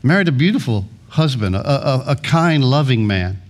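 A man's voice: mid-range voice, expressive, normal speed. A man preaching a sermon as a pastor, earnest, building points through repeated phrases and long lists.

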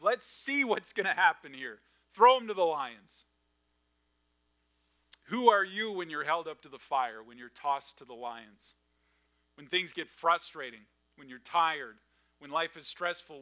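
A man preaching a sermon, swinging from loud emphatic lines to hushed, quiet asides. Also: a little high, expressive, moderate pace. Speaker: pastor.

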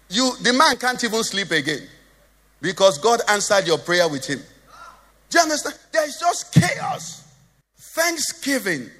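High, bright-voiced Nigerian pastor preaching. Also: male voice, big-room sound. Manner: preaching with jokes and questions to the congregation. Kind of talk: sermon. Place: church hall.

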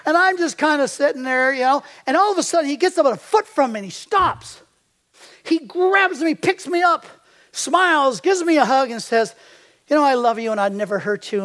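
A man's voice: very high voice, a bit bright. An older man preaching a sermon as a pastor. He tells stories and quizzes the congregation with fill-in-the-blank questions.

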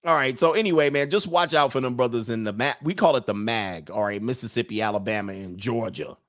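A man's voice: medium pitch, brisk, fairly bright tone. A man with a mid-range voice talks in a loose, rambling way. He jokes his way through a casual rant as host, following one thought into the next without any script. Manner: loose, joking, rambling, laughs often.

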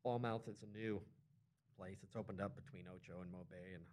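A man's voice: low-pitched, fairly quick, slight background noise. A man in his forties co-hosting a podcast, telling a story in casual chat and acting out the voices of people in it. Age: 40s. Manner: animated, acts out quoted voices. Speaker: podcast co-host.

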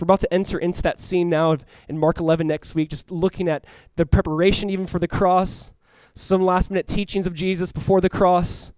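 A male pastor delivers a sermon at a rapid clip, his fairly high voice rising into urgent calls and dropping to near hushes. The recording is dry and close. He ends by leading the room in prayer. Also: no echo. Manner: impassioned, swings between loud urgent calls and hushed quiet passages. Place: church room with congregation.

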